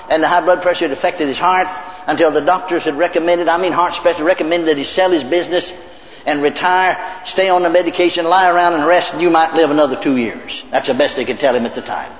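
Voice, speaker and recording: Older man preacher, folksy sermon storytelling, fairly high voice, echoey church hall, dull lo-fi tape. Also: fast, a little hiss or hum. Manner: folksy, repeats words, laughs.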